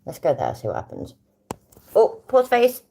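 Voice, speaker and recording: A woman's voice: on the low side, wildly swooping pitch, normal speed, gravelly, mellow, a little hiss or hum. An older British woman who hosts a live stream, chatting bluntly and swearing heavily as she reacts to videos. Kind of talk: casual live-stream chat.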